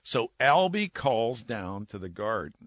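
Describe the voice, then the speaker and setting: Lively storytelling veteran broadcaster man. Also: mid-range voice, slow pace, dry recording, studio quality. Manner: lively anecdote-teller who acts out voices. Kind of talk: animated storytelling.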